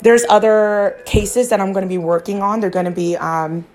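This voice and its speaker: A woman vlogger chatting straight to her viewers about her psychic hunches. She rambles and confides in a loose, conversational way, with the odd swear word and plenty of restarts. Her voice sits at an ordinary middle pitch. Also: fairly even intonation, moderate pace, darkish tone. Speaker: psychic true-crime vlogger. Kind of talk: casual chat to camera.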